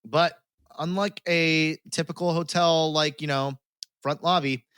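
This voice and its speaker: A man's voice: on the high side, fairly even intonation, measured pace, a bit bright, clear, resonant tone, dry recording. A man hosting a podcast, retelling a story in casual chat, laughing often and swearing freely. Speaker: podcast host.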